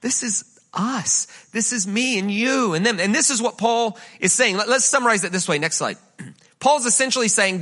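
A man preaching a sermon as a guest speaker in a church, energetic and conversational, with lots of rhetorical questions to the congregation. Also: high voice, normal speed. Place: church sanctuary.

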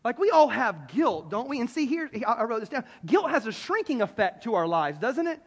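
A man from South Carolina preaches to a gathered crowd in a very high voice. He tells the story with animated, playful energy and slips into character voices. A long reverb from the hall trails after each phrase. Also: fairly quick. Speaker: pastor. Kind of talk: sermon. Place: large hall before an audience.

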